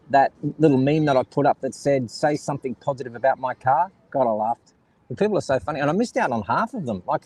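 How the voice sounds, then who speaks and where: Husky Australian man streaming outdoors. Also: mid-range voice, darkish tone, poor audio. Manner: rambling, jokey, talks to chat viewers. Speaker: live streamer. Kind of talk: casual live stream chat. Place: outdoors by the seaside, kids and seagulls around.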